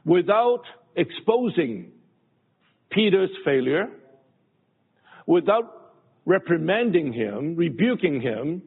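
A man preaching a sermon in a slow, halting way, pausing and restarting often. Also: a little high, big pitch swings, gravelly, slightly rough. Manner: slow, halting delivery with many pauses and restarts. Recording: phone-like lo-fi audio with long hall reverb.

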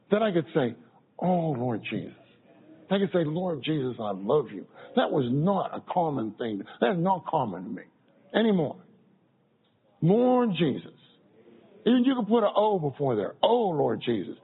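A man preaching a sermon to a congregation, repeating phrases and swinging between loud and soft. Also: a little high, creaky, slightly rough. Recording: tinny phone-like sound.

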